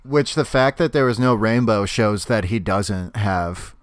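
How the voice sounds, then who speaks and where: A man chatting casually on a podcast about a cartoon, agreeable and quick to laugh. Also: fairly low pitch, dry recording. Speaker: podcast co-host.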